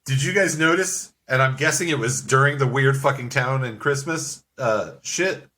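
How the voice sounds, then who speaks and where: A man's voice: medium pitch, moderate pace, bright, forceful tone. A man co-hosting a casual movie review chat, joking, laughing often and swearing freely.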